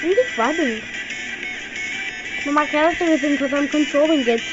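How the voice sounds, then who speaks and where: High-voiced excitable woman gamer. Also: moderate pace. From India. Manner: excitable, yelps and exclaims. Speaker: gaming channel host. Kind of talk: let's-play commentary. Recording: dull lo-fi audio with game music. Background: game music.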